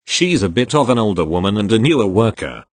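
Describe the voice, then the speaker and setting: A man reading posts aloud in a lively, expressive way. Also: lowish voice, fast, no echo. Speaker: narrator reading Reddit posts.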